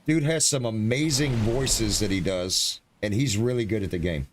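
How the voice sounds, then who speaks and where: A man from New York hosts a live game stream, trading easygoing, teasing banter with a guest. His voice sits on the lower side. A steady hiss of noise runs under the recording. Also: moderate pace. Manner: laid-back, friendly, teasing banter.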